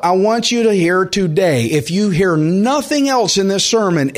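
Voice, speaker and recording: A man preaching a sermon in an earnest, conversational way, slowing down to stress key points. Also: high voice, animated. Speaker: pastor.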